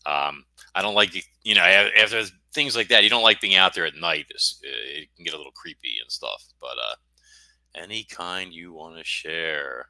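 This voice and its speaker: A middle-aged American man with a very deep voice and a sharp, forceful tone. He rambles and cracks self-deprecating jokes as a podcast guest. The sound is dry and close. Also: normal speed, no room sound. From United States. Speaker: guest author. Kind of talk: casual podcast interview.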